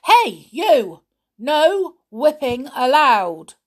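A loud, bossy little male pixie from a storybook, raising his voice high to lay down the rules, as a woman reads him aloud. His voice sits above the reader's own and carries more force. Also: sing-song, takes it slowly, exaggerated voice. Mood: angry. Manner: scolding, loud and sharp.

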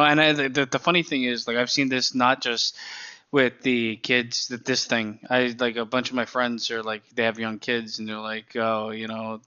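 A man's voice: mid-range voice, pushed and bright, clear, resonant tone. A man co-hosting a podcast in casual chat, swearing often and laughing between his points. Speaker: podcast co-host. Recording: dull, lo-fi sound.

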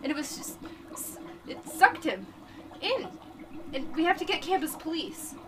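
A woman voicing a panicked male professor who blurts out frantic, hurried warnings. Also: high-pitched, very animated, distant mic, background noise, pitched above the performer's own voice.

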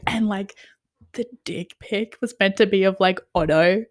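A woman's voice: medium pitch, steady tone, normal speed. A young woman recapping a TV episode in a casual rant, full of "like", swearing, and drops into whispers of disbelief. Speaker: TV recap vlogger.

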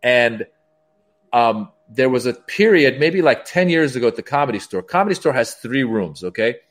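Animated man telling comedy-club stories. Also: mid-range voice, moderate pace. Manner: animated, acts out quoted dialogue in raised voices. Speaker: stand-up comedian. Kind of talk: storytelling as a podcast guest.

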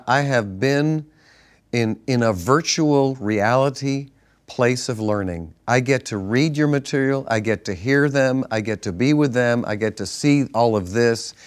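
A male pastor from the northern United States co-hosts a ministry broadcast, telling stories in an easygoing way with a mid-range voice at normal speed. His casual chat is relaxed, full of restarts and chuckles.

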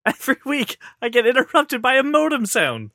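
A man's voice: very high-pitched, big pitch swings, fairly quick, bright, forceful tone, no echo, studio quality. A man hosting a podcast, chatting casually, laughing often and steering back to the topic. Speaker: podcast host. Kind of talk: casual chat.

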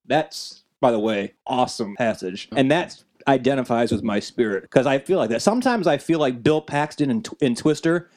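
A man co-hosting a casual faith podcast, reading scripture slowly and earnestly and speaking fervently, with many restarts when worked up. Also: medium pitch, lively intonation, darkish tone. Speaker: podcast co-host.

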